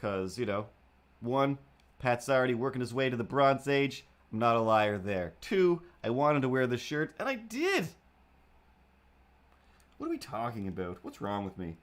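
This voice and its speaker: A young man talks loosely into a desk mic while he draws on a livestream. His pitch sits in the middle for a man. He meanders from topic to topic and makes fun of himself in a goofy, offhand way. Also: sing-song, moderate pace. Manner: meandering, self-deprecating, goofy. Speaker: livestream host. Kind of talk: rambling casual chat while drawing.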